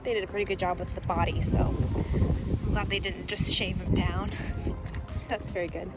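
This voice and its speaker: A young woman vlogging casually about her day, rambling and candid, then gushing in high baby talk to her dog. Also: level tone, moderate pace, long pauses, over music. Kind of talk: casual vlog chat.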